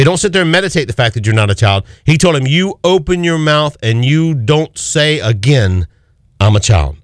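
A man's voice: on the high side, no room sound, studio quality. A man preaching an impassioned sermon, quoting scripture and acting out the voices of doubters.

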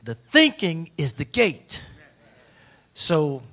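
Male pastor, sermon, fairly high-pitched, emphatic, repeats phrases, drawn-out stresses. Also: wildly swooping pitch, sharp tone. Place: church service before a congregation.

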